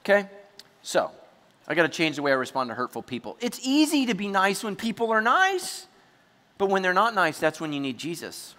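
Bright, animated man preaching. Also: high-pitched, fairly quick, long reverb tail. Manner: animated storytelling, bursts into shouts. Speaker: pastor. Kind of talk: sermon.

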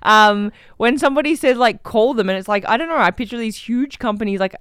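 A woman's voice: on the high side, fairly quick, clear, resonant tone, dry recording, studio quality. A young woman telling a story in casual chat, laughing often and acting out what people said. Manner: animated, laughs often, acts out quotes.

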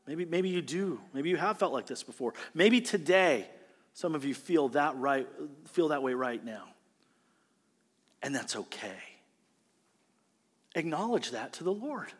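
A high-pitched male pastor delivers an earnest, expressive sermon. He reads scripture with feeling. His voice rings out in a church sanctuary with a long, lingering reverb. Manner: earnest, expressive preaching with dramatic scripture reading.

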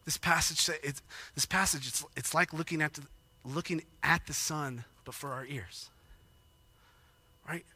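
A man preaching a sermon, emotional and animated, acting out quoted lines with rising intensity. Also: a little high, measured pace, long pauses, slightly rough. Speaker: pastor.

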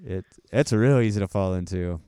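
A man's voice: deep voice, normal speed, mellow, clear, resonant tone, no room sound, clean studio sound. A young man from Texas with a Texan accent, co-hosting a casual podcast chat, laid-back and often laughing. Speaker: podcast co-host.

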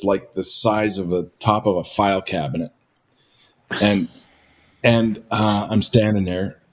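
Rambling older man telling a story. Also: on the low side. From Canada. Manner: rambling, many fillers, self-mocking. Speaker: guest storyteller. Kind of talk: casual storytelling.

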